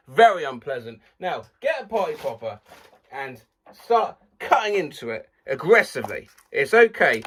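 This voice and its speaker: A bright, high-pitched man with a wildly lively voice, hamming up odd noises and silly words. He leaps between yelps, mock sound effects and chatty asides to his viewers. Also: slight background noise. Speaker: comedy YouTuber.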